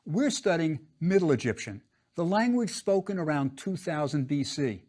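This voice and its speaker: A man's voice: a little high, expressive, moderate pace, a little mellow. A man teaching a drawing lesson, patient and step by step, repeating each instruction.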